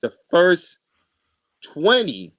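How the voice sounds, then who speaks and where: A man co-hosting a wrestling podcast in casual chat, animated and quick to swear and laugh. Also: sits high, dry recording. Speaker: podcast co-host.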